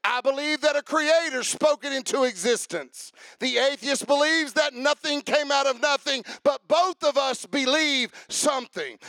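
High-voiced emphatic male preacher. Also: moderate pace, hardly any pauses, no room sound. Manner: emphatic, repetitive, breaks into shouted proclamations. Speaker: pastor. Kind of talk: sermon. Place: church.

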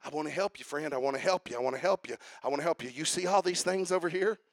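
Pushy legalistic church member, male, high-voiced and insistent, repeating himself, as a preacher puts him on. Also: fast, dry recording, studio quality.

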